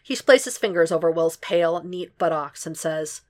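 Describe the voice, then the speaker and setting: A woman narrating a fan fiction audiobook in a steady, unhurried way. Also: fairly low pitch. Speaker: podfic reader.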